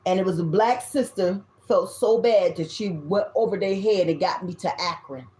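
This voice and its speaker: A woman in her fifties with a Southern US accent, giving a tarot reading in loud, blunt, casual talk and swearing freely. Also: fairly low pitch, moderate pace. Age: 50s. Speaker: tarot reader. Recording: echoey room.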